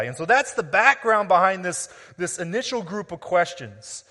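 Preaching in a large hall with long reverb, a pastor explains scripture in a high-pitched, bright, forceful voice. He is animated and a little fast with few pauses, and he often restarts his phrases by repeating words.

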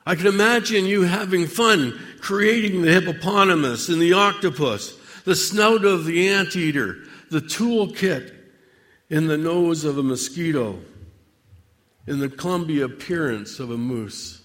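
A man preaching a dramatic sermon monologue addressed to God, with measured, theatrical delivery and long pauses. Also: fairly high pitch, fairly bright tone, in a large hall.

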